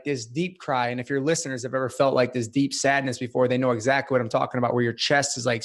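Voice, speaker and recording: An earnest young man recounts his past as an interview guest. He speaks casually, filling pauses with "like", at an average pitch. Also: fairly bright tone. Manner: earnest, frequent "like" fillers. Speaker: podcast guest. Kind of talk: personal storytelling interview.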